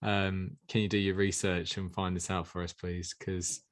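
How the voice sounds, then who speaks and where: A man's voice: sits low, level tone, normal speed, noisy background. A man co-hosting a podcast, reading listener questions and chatting wryly. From southern England. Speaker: podcast co-host.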